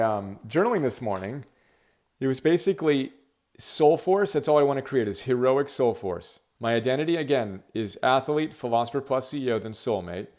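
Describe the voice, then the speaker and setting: A middle-aged man hosting his own podcast, talking solo in an energetic, emphatic, rambling way with many fillers. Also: mid-range voice. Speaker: podcast host. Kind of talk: casual solo monologue.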